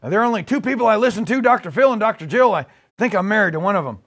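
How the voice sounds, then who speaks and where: A man's voice: high-pitched, expressive, very fast, a bit bright, full character voice. A man doing a comic impression of a rambling, confused elderly president who halts, repeats himself and trails off.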